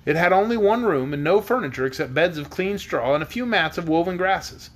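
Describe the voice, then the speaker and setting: A man's voice: sits high, animated, brisk. A man reading a storybook aloud at bedtime, acting out the characters with expression. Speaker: reader.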